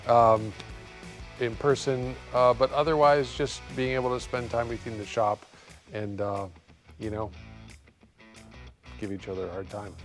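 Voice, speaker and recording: A man hosting a car repair show, chatting casually and thinking aloud with lots of pauses in his shop. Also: mid-range voice, in a large hall. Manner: rambling, relaxed, thinking aloud with many pauses. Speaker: host of a car repair channel. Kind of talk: casual talk to camera.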